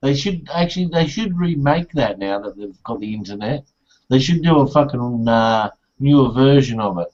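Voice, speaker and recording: Male host, rambling jokey storyteller who swears a lot, medium pitch, muffled audio. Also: animated, moderate pace, darkish tone. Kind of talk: casual chat. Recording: muffled low-fidelity audio.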